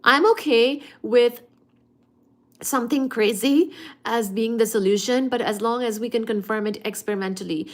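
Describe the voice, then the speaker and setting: A woman hosting a casual study-with-me livestream, chatty and expressive as she reads and answers viewer comments. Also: a little high, normal speed. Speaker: livestream host.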